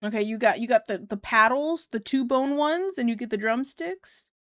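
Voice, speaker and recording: A woman's voice: on the high side, animated, moderate pace, fairly bright tone, dry recording, studio quality. Giggly streamer woman chatting with viewers. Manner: rambling, giggly, many fillers. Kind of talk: casual chat reading viewer comments.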